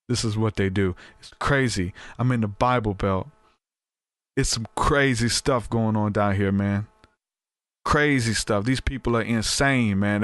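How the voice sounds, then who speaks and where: A man, hosting a podcast, who tells a story in a casual, animated and rambling way, with restarts and asides. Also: lowish voice, no room sound. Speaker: podcast host.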